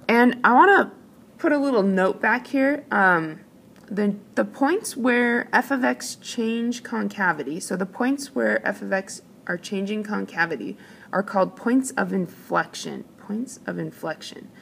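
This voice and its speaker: Patient woman math teacher, gravelly edge, faint background noise. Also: mid-range voice. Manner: patient, explains step by step. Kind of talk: calculus lesson narration.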